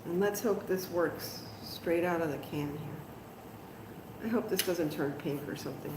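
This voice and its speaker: Chatting away to her viewers, this middle-aged host of a laid-back crafting livestream pokes fun at her own mistakes, starting at home and then moving outside. Her voice is fairly low and her pace moderate. Faint background noise and the echo of a home room are audible.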